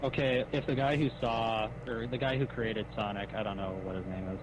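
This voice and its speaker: A low-pitched man on an old recorded call, pressing his questions patiently and with hesitations. A clear hum and noise run under the voice. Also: fairly even intonation, brisk. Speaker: caller. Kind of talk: recorded phone-call conversation.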